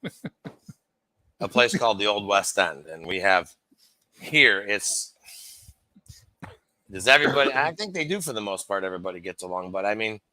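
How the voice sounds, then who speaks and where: A middle-aged man on a video call with a very bright, forceful voice, recorded close and dry. He tells his story in an animated way, acting out the people he quotes and swearing freely. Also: fairly low pitch, normal speed, pauses often, no room sound, low-quality recording. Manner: animated, acts out quoted dialogue, swears casually. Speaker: guest.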